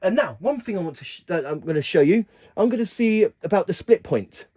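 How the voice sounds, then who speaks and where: A man giving a casual keyboard tutorial, talking haltingly and often stopping to correct himself. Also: sits high, lively intonation, husky. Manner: halting, stops to correct himself mid-sentence. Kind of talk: casual demonstration walkthrough. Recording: loud keyboard music over the voice. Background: keyboard sounds being demonstrated.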